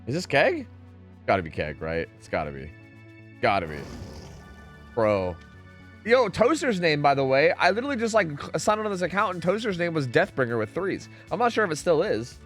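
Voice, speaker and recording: Young man, gaming streamer, casual profane chat, lively swinging pitch, faint background music. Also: brisk. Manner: profane, rambling, reacts loudly to chat.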